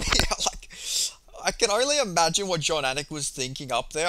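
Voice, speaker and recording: A young man recapping a press conference in a casual, excitable monologue, swearing freely and rambling through lots of fillers. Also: on the high side, no room sound. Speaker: MMA commentary vlogger.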